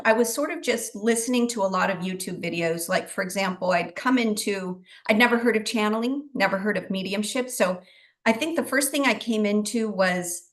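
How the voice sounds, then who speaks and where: A middle-aged woman, a guest psychic medium, telling her story in a lively, chatty way, laughing often and acting out what she said back then. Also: mid-range voice. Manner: animated, chatty, laughs often, acts out her own past words. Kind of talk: casual storytelling in a talk show interview.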